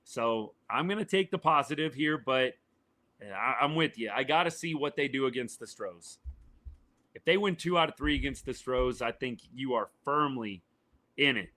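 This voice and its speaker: A podcast host calls a baseball game live for his audience, giving casual reaction and commentary in a drawl. His middle-pitched voice is hoarse, worn and failing, a little quieter than usual, yet still sharp and bright, with lively intonation and a moderate pace. He chats directly with viewers, answering them by name and saying "y'all."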